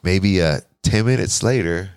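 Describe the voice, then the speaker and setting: A man in his forties, a podcast guest, telling a personal story in casual, animated talk, often quoting himself and swearing. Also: low voice, measured pace, smooth, dry recording. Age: 40s. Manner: animated, profane, restarts and quotes himself.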